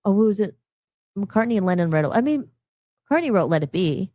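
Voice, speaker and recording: A middle-aged woman musician hosting a live radio talk show, rambling and animated, often restarting her sentences. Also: medium pitch, brisk, no echo, clean studio sound. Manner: animated, rambling, frequent restarts and self-interruptions.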